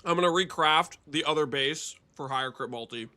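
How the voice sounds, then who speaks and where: Bright-voiced excitable male game streamer. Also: on the high side. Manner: excitable, teasing, quick to laugh and banter with chat. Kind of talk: casual live gameplay commentary to chat.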